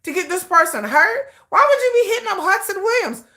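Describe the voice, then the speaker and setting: A woman's voice: very high voice, big pitch swings, a little fast, bright, forceful tone. A middle-aged woman hosting a casual livestream, talking animatedly with chat, laughing often and swearing freely. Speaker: livestream host.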